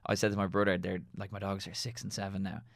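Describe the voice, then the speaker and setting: A young Irish man on a podcast, rattling through stories at a quick clip and playing out the quotes in them. His voice sits low with a gravelly edge, and the sound is close and dry. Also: dry recording. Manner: animated storyteller acting out quoted remarks. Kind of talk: casual podcast chat.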